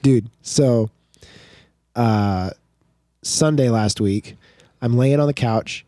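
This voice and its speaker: A man's voice: mid-range voice, takes it slowly, dark tone, no echo, studio quality. A man in his thirties on a podcast, telling a family story and acting out his kids' lines. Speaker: podcast co-host. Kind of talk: casual storytelling chat.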